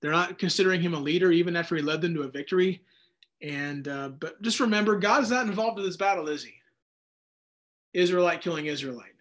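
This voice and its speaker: High-voiced man teaching Bible study casually. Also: fast, fairly bright tone. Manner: conversational, rambling, with frequent restarts and acted-out asides.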